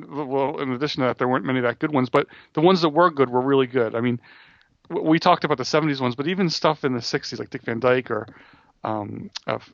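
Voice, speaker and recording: Fast-talking gravelly man, casual chat. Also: medium pitch, no room sound. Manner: quick, rambling, many restarts. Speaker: podcast co-host. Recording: dull dry close-mic audio.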